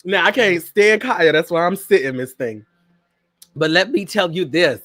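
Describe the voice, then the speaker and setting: A young man with a high, lively voice that swings widely as he riffs through pop-culture commentary. He hosts in a dramatic, playful way, breaking into laughter often. The recording is close and dry. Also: slow, no room sound. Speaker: podcast host.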